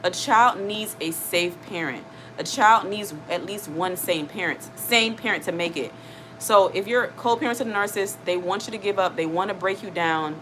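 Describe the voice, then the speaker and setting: Earnest woman talking low over faint rumble. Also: fairly bright tone, poor audio. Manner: earnest, repetitive, conversational with many fillers. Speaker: channel host. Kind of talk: casual livestream chat.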